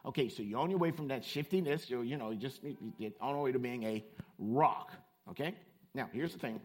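A man preaching a lively sermon, swinging between loud, emphatic lines and quieter explanations. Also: a little fast. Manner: animated, swings from shouting to low asides.

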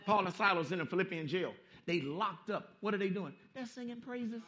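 High bright-voiced guy preaching, folksy, keeps repeating lines, goes quiet then loud. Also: fairly quick. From Southern California. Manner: emphatic, repeats phrases for effect, swings from hushed to loud; folksy street-style preaching. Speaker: pastor. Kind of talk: sermon.

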